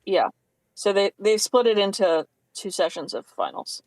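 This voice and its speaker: A man co-hosting a live stream, giving scores and background in a steady, informative way with some fillers. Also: high-pitched, moderate pace, no room sound, poor audio. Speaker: commentator. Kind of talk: casual live-stream commentary.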